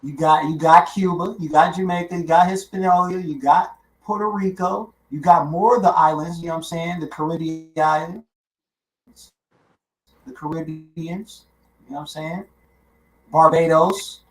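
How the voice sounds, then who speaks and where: A man's voice: on the high side, steady tone, normal speed. A man chatting casually in loose slang, often asking "you know what I'm saying". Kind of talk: casual chat reacting to maps. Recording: echoey room.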